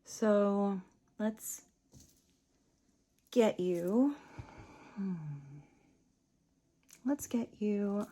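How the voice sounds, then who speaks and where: A woman giving a casual tarot reading, gentle and chatty, dropping to soft near-whispers on spiritual lines and laughing often. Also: mid-range voice, very slow, pauses often. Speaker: tarot reader. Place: home room with small table.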